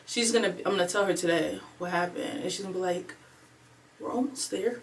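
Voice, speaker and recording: A woman in her twenties, chatting alone at home in a casual storytime vlog, animated and replaying her own thoughts aloud. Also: lowish voice, fast, far from the mic, a little hiss or hum. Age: 20s. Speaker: vlogger. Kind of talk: casual storytime chat to camera.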